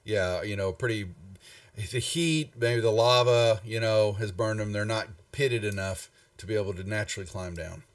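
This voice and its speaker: A man, the game master, describing the scene in a tabletop game, halting and full of ums and restarts. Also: on the low side, no echo, far from the mic.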